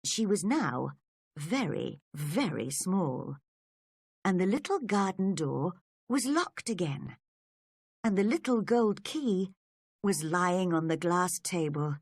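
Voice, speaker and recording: A woman narrating a storybook for English learners in a clear, deliberate reading. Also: fairly low pitch, big pitch swings, no room sound, clean studio sound.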